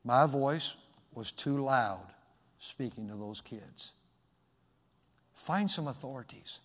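A man's voice: mid-range voice, slow pace, in a large hall. A male pastor preaching a sermon, telling a personal story in a reflective, folksy way.

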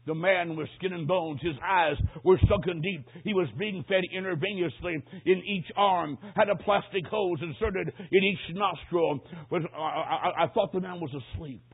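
A man preaching a sermon with dramatic storytelling that swings from hushed tones to shouting. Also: high voice, normal speed, hardly any pauses, breathy edge. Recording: tinny, phone-like recording.

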